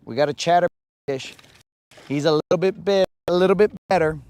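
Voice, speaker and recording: Playful hyped higher-voiced man angler. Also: normal speed, a little mellow, no room sound. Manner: playful, hyped banter peppered with Spanish slang. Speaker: angler, channel host. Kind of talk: live fishing vlog commentary. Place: outdoors on a lake.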